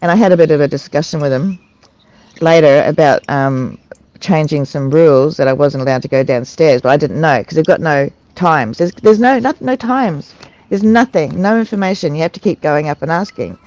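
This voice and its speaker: Adult on a recovery meeting call, stops and restarts a lot, laughs while telling it, mid pitch, kinda muffled call audio. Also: darkish tone. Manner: halting, frequent restarts and fillers. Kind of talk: candid personal sharing. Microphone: online video call.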